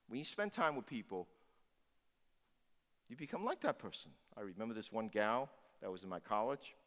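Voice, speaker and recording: A man's voice: on the low side, very animated, normal speed, fairly bright tone. A male pastor giving a sermon, preaching emphatically and repeating phrases for force. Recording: long hall reverb.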